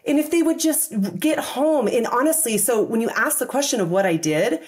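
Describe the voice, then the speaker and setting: A woman's voice: on the high side, normal speed, husky. A woman in her forties, a podcast guest telling stories in casual interview chat, acting out bits of dialogue. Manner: animated storyteller, acts out quoted dialogue, frequent restarts. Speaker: podcast guest, wellness teacher.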